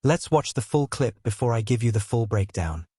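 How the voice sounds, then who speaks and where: A man's voice: medium pitch, expressive, moderate pace, mellow, breathy edge, no echo, studio quality. A man delivering scripted online commentary in a punchy, sarcastic way.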